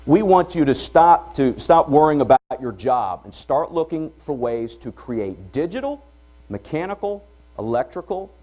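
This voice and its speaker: A middle-aged man hosting a conference, speaking to an audience in an energetic, conversational way and often checking in with "all right?". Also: medium pitch. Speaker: event host and entrepreneur. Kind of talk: conference opening talk. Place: conference hall before an audience.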